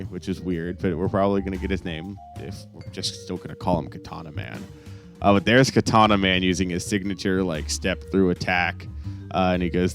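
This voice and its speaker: A man's voice: sits low, gravelly. A young man hosting a casual comic review podcast, rambling along with sarcastic asides. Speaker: host.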